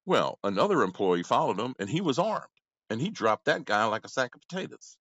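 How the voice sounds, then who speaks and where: A man rants through a comedic podcast chat, his pitch leaping up and down as he goes. He talks in a profane, rambling way, loud one moment and mumbling the next. The sound is dry and a little dull. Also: big pitch swings, brisk, dry recording. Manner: rambling, profane, swings between loud outbursts and low mumbling. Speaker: podcast host.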